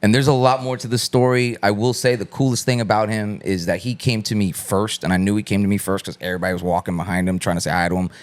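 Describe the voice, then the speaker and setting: Low-voiced man telling profane stories. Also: steady tone, quick pace, hardly any pauses. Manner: loose, profane storytelling with acted-out quotes. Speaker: guest artist. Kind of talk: casual storytelling interview.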